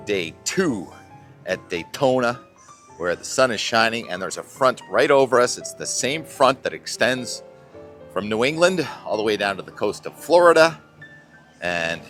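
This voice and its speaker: A fairly low-pitched, fairly bright male voice belongs to a middle-aged man vlogging about the weather from a beach. Chatty and rambling, he muses aloud on the forecast into a clip-on mic.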